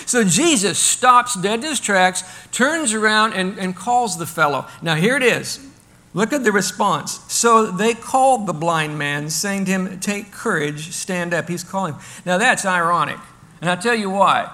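A man preaching a sermon in a conversational, animated way, asking rhetorical questions and loudly acting out the crowd. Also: high-pitched, moderate pace. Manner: animated, acts out the crowd and shouts with sudden bursts. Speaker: pastor.

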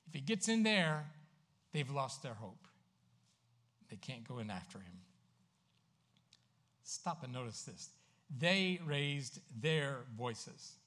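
A man preaching a sermon as pastor, swinging from emphatic, loud lines to hushed asides. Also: mid-range voice, sing-song, a little slow, pauses often.

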